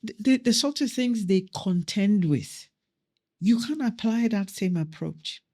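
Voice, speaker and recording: A woman's voice: mid-range voice, measured pace. A middle-aged woman guest, from Nigeria, telling stories in a podcast interview and acting out the dialogue she quotes. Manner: animated storyteller who acts out quoted dialogue.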